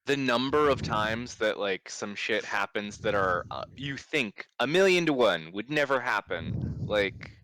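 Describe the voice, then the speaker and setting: A man's voice: lowish voice, animated, a little slow, hardly any pauses, bright, forceful tone. A man co-hosting a podcast, chatting casually and animatedly, laughing often and trailing through fillers. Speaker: podcast co-host. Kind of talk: casual chat.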